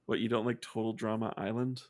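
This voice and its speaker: A man's voice: lowish voice, little pitch movement, a little fast, a little mellow. A man as a podcast guest, talking in a sarcastic, rambling way that keeps restarting. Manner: sarcastic, rambling, self-interrupting. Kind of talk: casual podcast chat.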